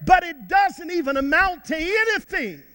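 A man's voice: extremely high pitch, very animated, slow pace, bright, forceful tone, exaggerated voice. A man acting out a dismissive, sarcastic male disciple, in a reverberant hall.

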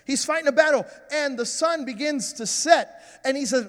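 A man's voice: very high voice, moderate pace, big-room sound. A man preaching a sermon, telling stories and building to passionate appeals. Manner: storytelling, rising to passionate preaching. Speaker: pastor. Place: church sanctuary.

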